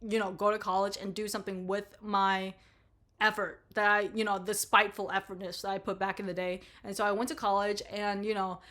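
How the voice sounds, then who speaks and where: A woman's voice: medium pitch, little pitch movement, brisk, fairly bright tone. A young adult woman talking casually to camera, rambling and bluntly profane, full of "like" and "you know.". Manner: frequent "like" and "you know" fillers. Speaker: vlogger.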